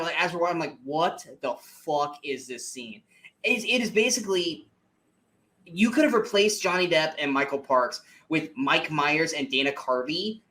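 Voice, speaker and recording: A man co-hosting a movie review podcast, ranting in an animated, exasperated way with plenty of swearing. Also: a little high. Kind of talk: casual movie review chat.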